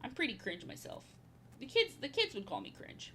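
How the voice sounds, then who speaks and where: A woman in her thirties with a bright, sharp voice chats casually on a live stream while she paints. She rambles, says the same phrase twice or three times over, and sounds playful. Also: fairly high pitch, wildly swooping pitch, moderate pace, a little hiss or hum. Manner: playful, slips into silly voices.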